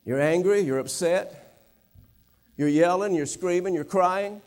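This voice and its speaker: A man preaching a sermon, with a dramatic delivery that swings from animated to hushed and low. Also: a little slow. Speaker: pastor. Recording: long hall reverb.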